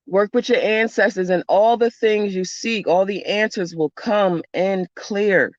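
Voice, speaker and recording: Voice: mid-range voice, measured pace, no room sound. Rambly cussing spiritual vlogger, dry muffled lo-fi sound. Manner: blunt, profane, rambling storyteller. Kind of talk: casual spiritual monologue. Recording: dull lo-fi dry recording.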